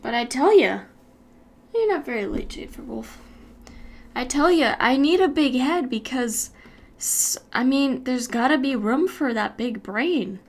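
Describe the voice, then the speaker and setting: A woman's voice: high-pitched, expressive, a little slow. A woman live-streaming while she draws, chatting playfully with her viewers and joking about herself. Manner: playful, talks to viewers by name, self-mocking. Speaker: livestreamer. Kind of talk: casual live-stream chat while drawing.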